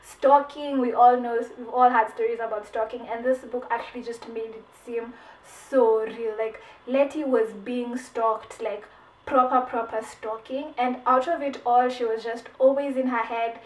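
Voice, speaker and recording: A woman giving a casual book review vlog, chatty and animated, often saying "like" and repeating phrases. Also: on the high side, normal speed, reverberant, far from the mic, low-quality recording.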